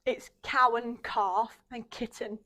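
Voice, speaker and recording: A woman's voice: fairly high pitch, steady tone, slow, pushed and bright. A young woman hosting a podcast, telling parenting stories in a chatty way and laughing often. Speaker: podcast host. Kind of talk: casual chat.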